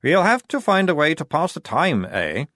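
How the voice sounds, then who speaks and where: A man's voice: fairly high pitch, huge pitch swings, normal speed, fairly bright tone, dry recording, clean studio sound, pitched above the performer's own voice. A man voicing hapless male guards who speak in a sheepish, wheedling way.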